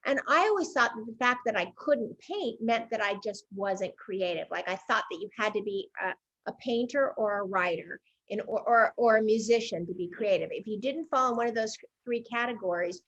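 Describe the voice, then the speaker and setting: A woman's voice: fairly high pitch, animated, moderate pace, fairly bright tone. A woman in her sixties hosting a casual interview, candid and a little rambling. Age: 60s. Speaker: show host. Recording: somewhat dull, lo-fi sound.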